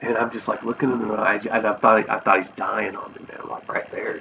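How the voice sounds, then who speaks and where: A man's voice: fairly low pitch, fairly even intonation, brisk, creaky, hardly any pauses, a bit bright, distant mic. A man vlogging a personal story, earnest and rambling, with many restarts, on a dull lo-fi recording with faint hiss.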